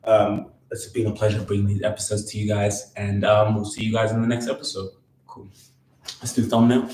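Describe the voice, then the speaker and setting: A young man co-hosting a casual podcast with his father, joking and rambling in quick bursts. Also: on the low side, completely flat delivery, darkish tone. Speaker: podcast co-host, son. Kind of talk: casual chat. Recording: echoey room, background noise.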